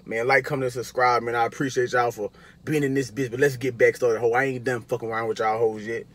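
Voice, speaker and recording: A man hosts a music reaction video, reeling off quick, crude and joking commentary. He talks fast, in a mid-range voice, and keeps throwing taunting asides at his viewers. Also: mid-range voice, little pitch movement.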